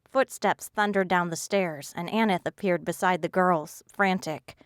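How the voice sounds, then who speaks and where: Smooth-voiced woman narrating an audiobook. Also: fairly low pitch, unhurried, no room sound, clean studio sound. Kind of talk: scripted narration.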